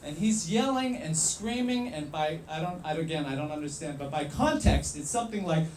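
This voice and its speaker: A man telling a true story live, in an animated, wry way with pauses for effect. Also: fairly high pitch, reverberant, slight background noise.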